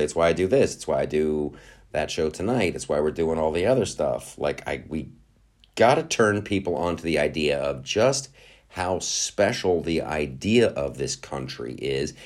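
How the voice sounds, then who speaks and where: Low-voiced man with a lively delivery. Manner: animated, profane, riffing with put-on voices. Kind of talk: casual spoken monologue.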